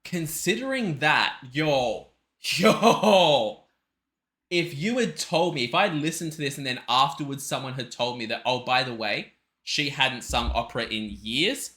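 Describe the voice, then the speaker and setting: Aussie guy rambling excitedly in a reaction vid, bright forceful voice. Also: mid-range voice. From Australia. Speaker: music reaction video host. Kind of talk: casual reaction commentary.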